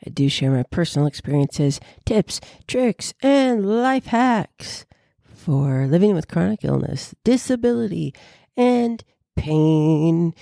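A woman vlogger chatting casually to her viewers in an animated way. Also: fairly low pitch, slow pace, vocal fry, no echo, clean studio sound. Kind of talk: casual chat.

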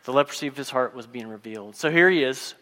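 A man preaching a sermon, retelling a story and acting out its characters' lines in a lively storytelling manner. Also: mid-range voice, quick pace, in a large hall. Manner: storytelling, acts out voices of the characters.

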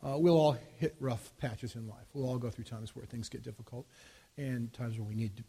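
A man in his fifties, a pastor, preaching a sermon by telling a personal story, earnest and halting with frequent restarts, dropping to a hushed voice at tender moments. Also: mid-range voice, steady tone, gravelly, slightly rough. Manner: grows quiet and hushed as the story turns tender.

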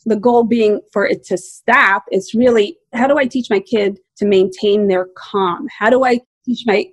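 A woman in her forties, a parenting expert, answers interview questions earnestly and repeats her key points. Her mid-range voice moves at normal speed, with no room sound.

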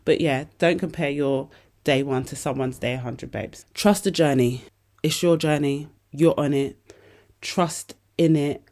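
A woman's voice: deep voice, measured pace, a little mellow. A woman, hosting a podcast and giving candid, casual advice with plenty of swearing. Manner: candid, swears freely, calls listeners babes. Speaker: podcast host.

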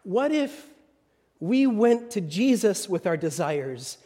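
A man preaching a sermon in a dramatic way, swinging from loud phrases to near whispers. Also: sits high, sing-song, slow pace, in a large hall.

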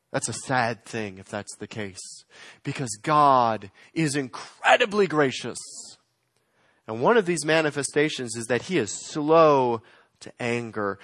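A man preaching a sermon, swinging between loud emphatic lines and quiet, slowed phrases. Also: on the high side, dry recording, studio quality. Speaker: pastor.

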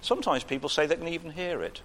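A man preaching an informal sermon in a conversational way, with frequent pauses and gentle humor. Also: on the high side, a little hiss or hum.

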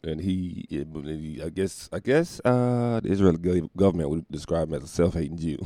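A man hosting a solo podcast and ranting casually, profane and animated, laughing often while recording at home. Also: sits low, moderate pace, no room sound. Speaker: podcast host.

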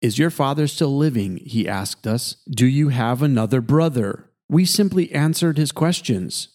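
A pastor reads scripture aloud in an even, measured manner and lifts his voice a little for the quoted speech. He is a man with a mellow, darker tone and a pitch in the middle for his sex. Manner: measured, plain reading with light expression in quoted speech. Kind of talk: scripture reading.

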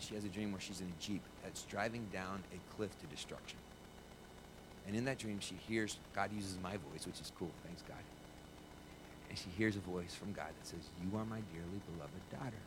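Animated pastor preaching over rumble. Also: male voice. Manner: animated storyteller, acts out quoted voices. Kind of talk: sermon with storytelling. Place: church stage before a congregation.

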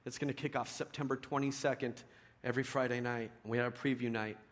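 A middle-aged man preaching a sermon in a conversational storytelling way, dropping to a hush and rising to loud emphasis. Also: medium pitch, steady tone, fast. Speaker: pastor.

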